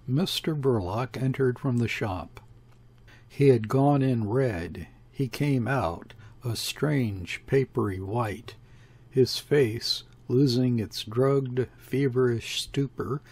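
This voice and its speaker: Slow, husky male audiobook narrator. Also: mid-range voice. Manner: measured, steady reading. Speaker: audiobook reader. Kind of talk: scripted narration.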